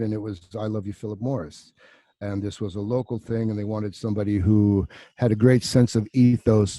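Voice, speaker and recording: A middle-aged man with a low, mellow voice, recorded close and dry. He tells stories casually and swears freely, jumping into quick impressions of the people he quotes. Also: no room sound. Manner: profane, animated anecdotes with acted quotes. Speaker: actor guest. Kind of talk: casual podcast storytelling.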